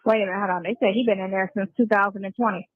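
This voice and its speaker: A woman on a recorded phone call who talks haltingly, full of fillers, often cutting in on others. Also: mid-range voice, steady tone, no room sound. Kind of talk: casual phone conversation. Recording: tinny phone line.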